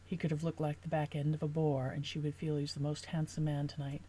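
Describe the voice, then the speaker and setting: A woman's voice: deep voice, little pitch movement, quick pace, mellow, slightly rough. A woman author reading her own novel draft aloud, stopping now and then to rework a sentence.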